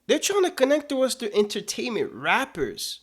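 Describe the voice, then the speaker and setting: Male commentator, higher pitch, casual and indignant, rhetorical questions. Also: wildly swooping pitch, normal speed, slightly rough. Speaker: political commentator.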